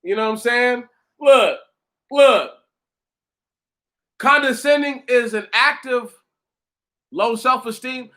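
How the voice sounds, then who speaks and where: A man ranting casually and profanely, mocking someone, often breaking into loud laughter and shouts while a little tipsy. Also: very high voice, a little slow. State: tipsy from drinking. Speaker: commentator reacting to a commenter. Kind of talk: casual reaction rant.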